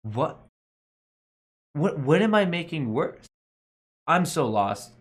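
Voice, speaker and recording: A man's voice: a little high, very animated, takes it slowly. A young man hosting a casual stock market live stream, reading his chat aloud and joking around with slangy banter and frequent laughs. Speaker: stock market livestream host.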